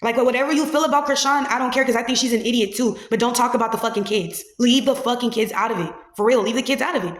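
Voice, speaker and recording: A woman's voice: fairly high pitch, fast talker, hardly any pauses. A woman host, giving blunt, profane, heated reaction commentary in a casual podcast. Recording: echoey room.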